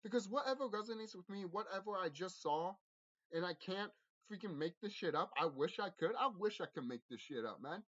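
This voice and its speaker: Lively rambling man, dull lo-fi audio. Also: sits high, brisk. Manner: intense, profane, repetitive, restarts often. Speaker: vlogger. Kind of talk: rambling spiritual monologue.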